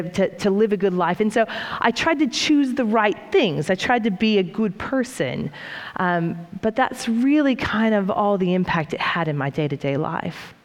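A woman preaching a sermon in a conversational, reflective way, with frequent fillers and restarts, in a church hall. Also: mid-range voice. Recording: reverberant hall.

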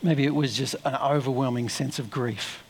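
A man's voice: medium pitch, fairly even intonation, normal speed, a little mellow, in a large hall, slight background noise. A man preaching a sermon in a conversational, reflective way, with asides and self-corrections.

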